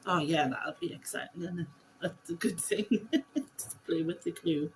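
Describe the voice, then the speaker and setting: A woman's voice: fairly low pitch, moderate pace, slight background noise, poor audio. A woman, chatting casually and giggling at herself while crafting on her vlog. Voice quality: giggly, self-deprecating, chatty. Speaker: vlogger host.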